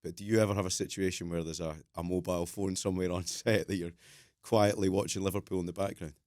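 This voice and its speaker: A man's voice: low voice, little pitch movement, quick pace, a little mellow, no room sound, studio quality. A man hosting a football podcast, asking friendly questions with enthusiasm. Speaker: podcast host. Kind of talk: casual interview.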